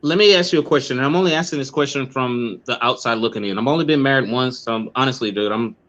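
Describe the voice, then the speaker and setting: Animated man telling a story, lo-fi. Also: mid-range voice, fast. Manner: animated storyteller with many restarts. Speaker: host of an online call-in talk show. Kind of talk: casual chat, storytelling.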